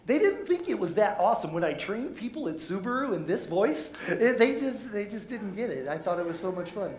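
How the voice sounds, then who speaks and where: A man's voice: high voice, big pitch swings, a little fast. A man preaching a sermon as pastor, joking about himself and stumbling over restarts before driving home his scripture points. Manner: playful, self-mocking, many restarts. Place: church. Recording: echoey church room.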